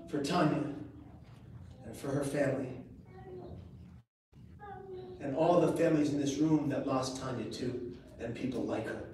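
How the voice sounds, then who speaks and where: A man giving a live motivational speech to a crowd, telling a personal story with earnest pauses and quick jokes, his voice rising high and loud at dramatic moments. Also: slight background noise. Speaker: public speaker. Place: large event room. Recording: echoey live room recorded from far off.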